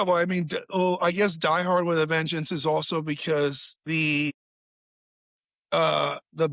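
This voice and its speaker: A man's voice: fairly high pitch, fairly bright tone, no echo. A man, a podcast guest, telling a story in casual chat, swearing freely and acting out quotes in a raised voice.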